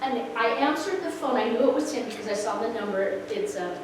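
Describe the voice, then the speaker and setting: A middle-aged woman telling a personal testimony with expressive, story-driven delivery. She acts out the people in her story and her voice rises sharply at emotional moments. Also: on the high side, a little fast. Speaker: speaker sharing a personal testimony. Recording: echoey room, far from the mic, background noise.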